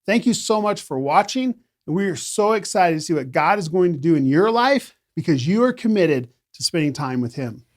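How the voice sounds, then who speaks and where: Male host, scripted intro; upbeat and welcoming, slightly high-pitched. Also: expressive, moderate pace, hardly any pauses. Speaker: podcast host.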